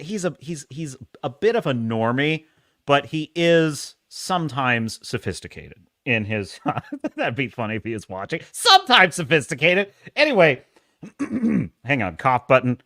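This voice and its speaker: A man's voice: mid-range voice, pushed and bright, dry recording, studio quality. A man chatting casually on a live stream, telling stories with sarcasm, frequent laughs and restarts, and sharing strong opinions.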